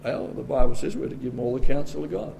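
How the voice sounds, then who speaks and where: A man with an Australian accent preaching a sermon, quoting scripture and rising to forceful, emphatic bursts. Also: mid-range voice, steady tone, fast talker, vocal fry, slight background noise.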